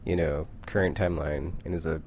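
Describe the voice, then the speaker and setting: A man's voice: rumbling low, steady tone, fairly quick, darkish tone, slight background noise. A man casually recapping a comic book, rambling with lots of "like" and frequent self-corrections.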